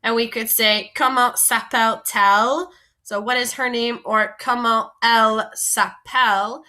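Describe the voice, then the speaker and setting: Bright-voiced woman teaching vocabulary. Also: fairly high pitch, steady tone, a little slow. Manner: patient, explanatory, repeats and recaps. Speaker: French teacher. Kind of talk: classroom vocabulary lesson.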